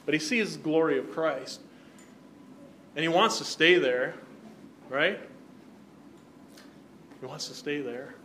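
This man teaches a Bible class, and his voice sits a little higher than most men's. He keeps turning to the room with "right?" and quick questions. A faint hum of room sound stays under him. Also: bright, forceful tone.

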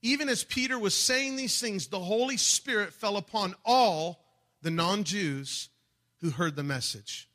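A man preaching a sermon, building from calm teaching to fervent shouted passages. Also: sits high, measured pace. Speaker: pastor.

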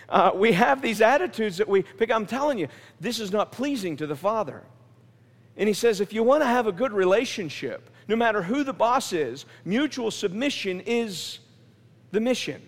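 High-pitched guy preaching, lively, acts out little voices, big echoey church hall. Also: moderate pace. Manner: animated, acts out voices of people in stories. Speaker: pastor. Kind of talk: sermon.

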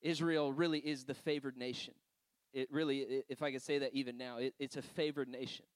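A man's voice: medium pitch, steady tone, fairly quick, no echo. A man preaching a sermon, telling personal stories in a loose conversational way with frequent laughs and asides. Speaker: pastor.

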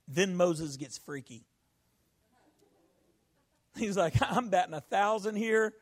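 A male pastor preaching a folksy sermon, rising to shouts. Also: high voice, normal speed.

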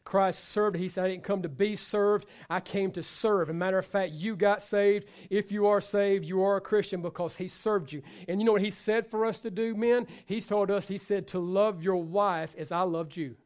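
A man's voice: high-pitched, steady tone, moderate pace, hardly any pauses, darkish tone, clear, resonant tone. A man preaching a sermon to his congregation, talking in a loose, conversational way with frequent repetitions and asides. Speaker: pastor.

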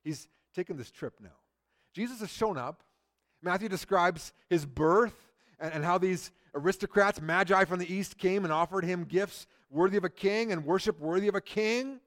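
A man's voice: high voice, moderate pace. Dramatic middle-aged male preacher. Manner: dramatic, swings from loud emphatic to hushed near-whisper; acts out quoted people in lively voices. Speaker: pastor. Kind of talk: sermon.

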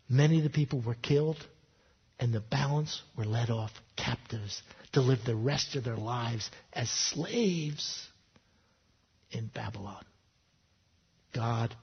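A man's voice: mid-range voice, gravelly, slightly rough, lo-fi sound. A man preaching a sermon in a church, earnest and building to emphatic appeals. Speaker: pastor. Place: church sanctuary.

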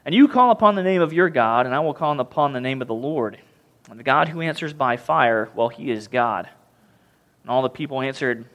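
A man preaching a sermon as pastor, reading scripture and acting out scenes with mocking, lively voices. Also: mid-range voice, fairly quick. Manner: animated, mocking voices when retelling the story.

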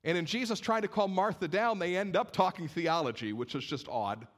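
A man preaching a sermon in a somewhat high voice. He is expressive, pushing some phrases with urgency and dropping others to a hushed, grave tone. He talks directly to the congregation. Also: a little fast. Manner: expressive, swings between raised urgency and hushed gravity. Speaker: pastor.

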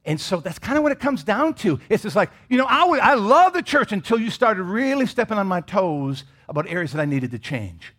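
With a high-pitched voice, he speaks fairly quickly and with few pauses. He's a middle-aged pastor from Michigan delivering an animated sermon, joking with the congregation in casual asides.

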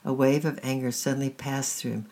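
A woman hosting a story-time reading, narrating a chapter book in a steady, measured way. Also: extremely low pitch.

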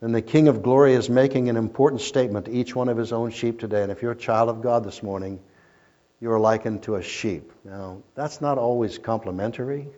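Storytelling preacher with a muffled sound. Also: male voice, mid-range voice, fairly quick, warm tone. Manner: storytelling preacher, rising and falling in intensity. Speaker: pastor. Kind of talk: sermon. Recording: muffled lo-fi recording.

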